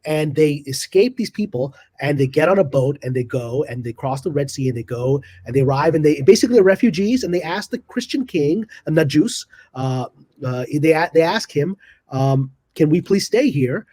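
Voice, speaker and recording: A middle-aged man retelling a piece of history with lively energy, acting out the speakers' lines with big jumps in pitch. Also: moderate pace, no room sound. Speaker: guest storyteller. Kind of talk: animated historical storytelling.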